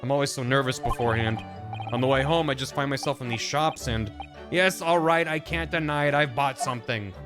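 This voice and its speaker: A man's voice: mid-range voice, brisk, music in the background, natural voice. A man voicing an earnest young male defense lawyer in a story game, reading his lines in a flustered, apologetic way. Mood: sheepish.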